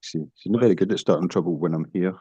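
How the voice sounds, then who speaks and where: A man's voice: low voice, fast talker, warm tone, breathy edge, dry recording, dull audio. A man on an online call, chatting casually with friends and describing dishes he cooks. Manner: chatty, talks about cooking. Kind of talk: casual chat.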